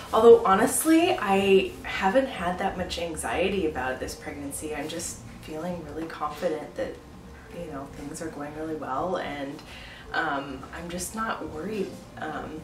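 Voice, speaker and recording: A young woman talks casually to the camera, laughing often and scattering "like" and "um" through her speech. Her voice sits a little low, and it carries an echoey room sound with faint background noise. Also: far from the mic. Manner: chatty, laughs often, many fillers like "like" and "um". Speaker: pregnancy vlogger. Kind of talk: casual chatty vlog.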